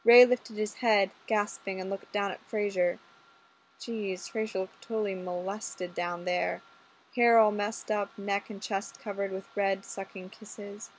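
A woman reading fan fiction aloud in a casual, expressive storytelling manner. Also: medium pitch, measured pace, a little hiss or hum, low-quality recording. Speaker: audiobook reader.

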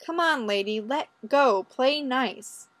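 A woman's voice: sits high, animated, takes it slowly, fairly bright tone, pitched above the performer's own voice, heavily acted. Woman reading as a brash, foul-mouthed male cop. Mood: irritated. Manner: blunt, swearing, sarcastic. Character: brash, short-tempered male Chicago cop.

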